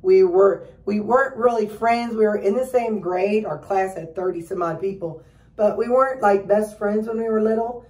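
A woman's voice: normal speed, darkish tone, recorded from a distance. A middle-aged woman giving a rambling, casual pep talk to her viewers, full of fillers and restarts. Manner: acts out quoted relatives in a higher voice. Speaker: weight-loss vlogger.

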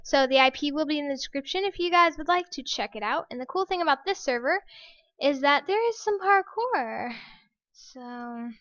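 A woman giving casual gameplay commentary as a channel host, excitable and quick to gasp and shriek when startled. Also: high voice, no echo, muffled recording.

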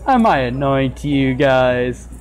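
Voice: mid-range voice, animated, unhurried, faint music behind. A let's play gamer giving joking, self-mocking commentary while reading game dialogue aloud. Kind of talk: casual gameplay commentary.

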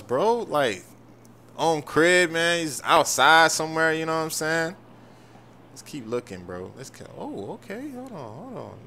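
A man's voice: a little high, wildly swooping pitch, a little slow, pauses often, sharp tone, slight background noise. A man hosting a game role-play video, talking in frantic, slangy banter. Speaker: gaming video host.

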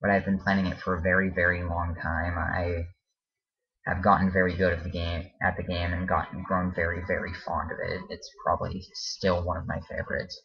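A man with a low, husky voice rambles through a casual home vlog. He hesitates often, with ums and restarts. The recording sounds dull and lo-fi. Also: level tone, a little fast. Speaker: vlogger.

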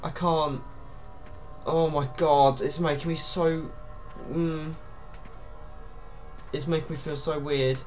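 A man's voice: a little high, fairly even intonation, takes it slowly, pauses often, a little mellow, faint music behind. A young man, commenting on a horror game in a panicky, pleading way, with yelps and nervous laughs. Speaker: gaming YouTuber.

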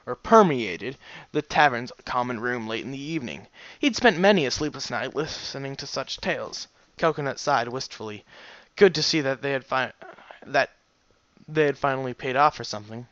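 A man casually reading a fan story aloud, animated, sometimes stumbling over words and chuckling at the text. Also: medium pitch, moderate pace, no echo, highs cut off. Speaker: reader.

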